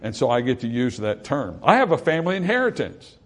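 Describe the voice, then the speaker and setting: A man with a medium-pitched, very animated voice preaches quickly, reading scripture aloud and unpacking it in plain, conversational terms. He drops in casual asides full of fillers, and some passages build through repetition and rising emphasis.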